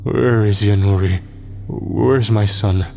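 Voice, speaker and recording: A man's voice: medium pitch, fairly quick, close to an everyday voice. A man doing a slurring drunk, raging father. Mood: drunken rage. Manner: slurred, shouting. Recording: long reverb, faint music.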